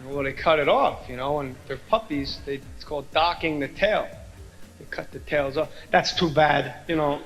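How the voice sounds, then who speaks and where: A man's voice: a little high, moderate pace, noisy background. A man musing wryly in a comedic talk-show bit.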